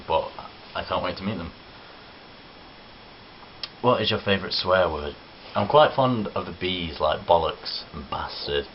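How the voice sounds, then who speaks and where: Super deep guy vlogging, chatty, swears a lot, muffled camera audio w/ light hiss. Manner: chatty, cheerful, swears freely. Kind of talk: casual chat answering questions. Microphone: camera on tripod.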